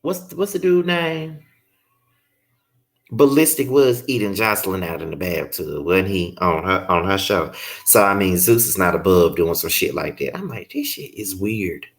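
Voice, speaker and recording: A man's voice: sits low, moderate pace. A man casually reviewing a reality show, exasperated and profane, often incredulous. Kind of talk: casual commentary vlog.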